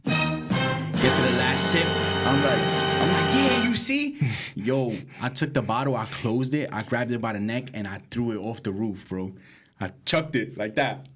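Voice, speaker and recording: A man's voice: unhurried, faint music behind. A young man, co-hosting a podcast and telling a wild story in slangy casual chat, acting out quotes and laughing. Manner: animated, slangy, acts out quotes with big pitch jumps and laughter. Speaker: podcast co-host.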